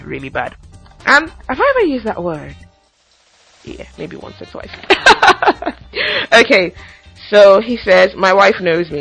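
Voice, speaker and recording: A woman's voice: on the low side, fairly bright tone, breathy edge, rough recording. A young woman hosting a casual commentary podcast, ranting with sassy asides and recapping reality show gossip. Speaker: podcast host.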